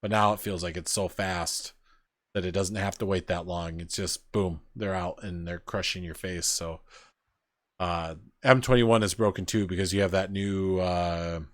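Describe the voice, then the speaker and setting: A man's voice: sits low, fairly even intonation, normal speed, no echo, studio quality. A man hosting a podcast, chatting casually in a rambling way with lots of fillers. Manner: rambling, filler-heavy storytelling. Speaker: podcast host. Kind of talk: casual chat.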